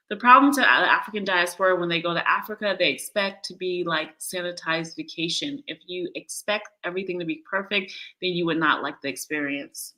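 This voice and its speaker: Woman, live stream host, casual chat, blunt, swears, laughs a lot, bright tone. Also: lowish voice, rough recording. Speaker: livestream host. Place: lives in Ghana.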